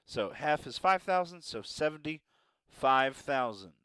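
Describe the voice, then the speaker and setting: A man's voice: medium pitch, lively intonation, measured pace, a bit bright, clear, resonant tone, dry recording. A man teaching a math lesson, encouraging and playful with joking asides.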